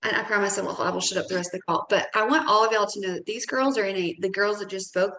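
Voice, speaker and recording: A woman on a team call who breaks in to encourage the group, speaking quickly and emphatically. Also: mid-range voice, steady tone, fairly bright tone. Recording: roomy, echoey call audio.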